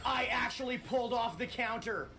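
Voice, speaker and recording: A man's voice: extremely high pitch, normal speed, gravelly, background noise. Swearing male game streamer. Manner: loud swearing outbursts, rambling. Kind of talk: casual game livestream commentary.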